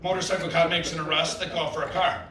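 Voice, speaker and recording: A man's voice: on the high side, level tone, fast, a crowd in the background. A man from Detroit doing a brash, profane stand-up set at a bar gig. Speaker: stand-up comedian. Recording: echoey bar from far off. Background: loud audience and bar noise.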